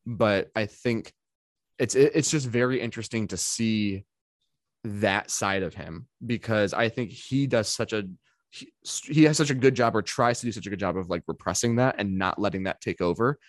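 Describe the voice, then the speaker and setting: A lower-pitched man talks through his thoughts in a relaxed podcast chat, often circling back and restarting sentences. The sound is close and dry, with no room around it. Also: moderate pace, dry recording. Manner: chatty, full of fillers and restarts, quotes others in put-on voices. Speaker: podcast co-host. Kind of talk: casual chat.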